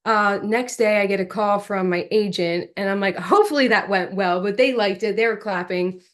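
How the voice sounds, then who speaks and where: Young actress, guest, animated storyteller, average pitch. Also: female voice, normal speed. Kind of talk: storytelling in an interview.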